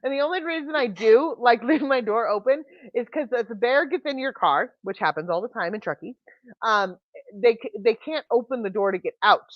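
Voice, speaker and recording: Woman host, casual livestream chat, somewhat high voice, rambling with restarts, dry lo-fi call audio. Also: animated, normal speed, dry recording. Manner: rambling, many restarts and fillers.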